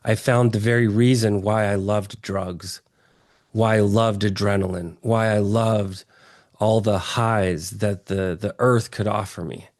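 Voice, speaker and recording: Excitable texas guy telling his story, lowish voice, dry close sound. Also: a little slow, no room sound. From Texas, USA. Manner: earnest, excitable, often restarts phrases. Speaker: interview guest. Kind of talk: personal storytelling in an interview.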